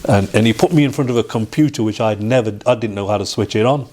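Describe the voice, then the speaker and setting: A man, telling his life story as an interview guest in a halting way, with restarts and reenacted dialogue. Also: lowish voice, a little mellow. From Derby, England. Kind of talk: personal storytelling in a sit-down interview.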